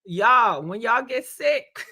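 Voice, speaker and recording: A livestream host chats with her viewers, calling them y'all and honey and laughing often in an animated, talkative way. Her high, bright voice is roughened by a throat congested from illness, and she speaks slowly. The recording is close and dry with no echo.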